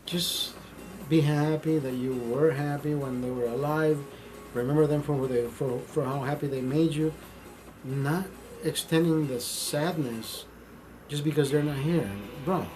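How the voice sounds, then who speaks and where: A man hosting a live stream, telling stories in a profane, animated way with many repeated words. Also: fairly high pitch, measured pace, soft background music, low-quality recording. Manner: profane, animated storytelling with repetitions. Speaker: livestream host. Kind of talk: casual live-stream talk.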